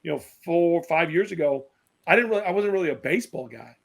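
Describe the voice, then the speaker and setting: A man from Wisconsin, a former basketball player, chatting as a podcast guest in an animated, emphatic way. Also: on the high side, fast, gravelly. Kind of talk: casual podcast chat.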